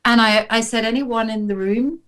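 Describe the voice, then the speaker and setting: A woman co-hosting a casual chat, telling stories in an animated way and laughing often. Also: a little high, normal speed, clear, resonant tone. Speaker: co-host.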